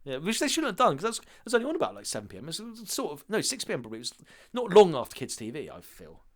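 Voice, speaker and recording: A man's voice: on the high side, very fast. A man from the south of England co-hosting a casual podcast, rambling through stories with frequent laughter. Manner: rambling, laughs often, animated storytelling. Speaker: podcast co-host. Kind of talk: casual chat.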